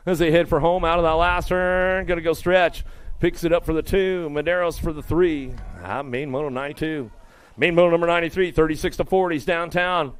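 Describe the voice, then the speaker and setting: Man, race announcer, excitable, rapid name-calling, high-pitched, resonant. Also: smooth. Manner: rapid-fire calling of rider names, excitable. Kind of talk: live BMX race commentary.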